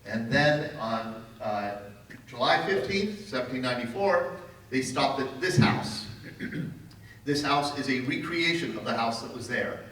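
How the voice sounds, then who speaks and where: A man giving a public history lecture as a lively storyteller with wry humor. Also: mid-range voice, a little slow, slight background noise. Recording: echoey hall from far off.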